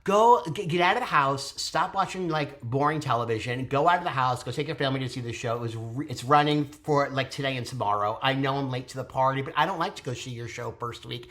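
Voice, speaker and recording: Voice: medium pitch, fast, few pauses, fairly bright tone. An adult vlogger giving a casual, chatty review of a local show, gushing and digressive, with theatrical asides. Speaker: theatre reviewer hosting own channel.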